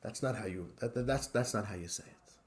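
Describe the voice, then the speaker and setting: Animated rabbi telling a story. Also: male voice, on the low side, a little fast. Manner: animated storyteller, swings from loud to hushed. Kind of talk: weekly Torah lesson storytelling.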